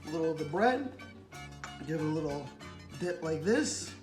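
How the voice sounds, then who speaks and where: A man's voice: a little high, animated, normal speed. A man cooking and demonstrating a recipe as a chef, chatting upbeat and straight to his viewers. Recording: echoey room with music behind.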